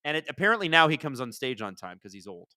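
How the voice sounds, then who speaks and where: A man's voice: mid-range voice, quick pace, dry recording, clean studio sound. Chatty man hosting a hockey watchalong. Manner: rambling, chatty, jumps from storytelling to excited play calls. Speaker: livestream watchalong host. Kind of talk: casual live hockey watchalong commentary.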